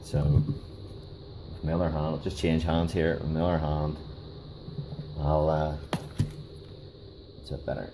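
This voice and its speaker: A man giving a casual hands-on workshop demonstration, talking in a halting way with many fillers and restarts. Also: extremely low pitch, flat delivery, background noise. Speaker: DIY car repair video host.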